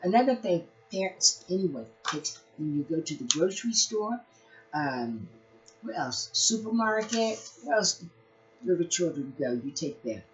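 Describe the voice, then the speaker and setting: A woman teaching early reading, reading a picture book aloud to young children in an animated, sing-song way with playful asides. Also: lowish voice, normal speed, faint music behind. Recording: dull lo-fi recording.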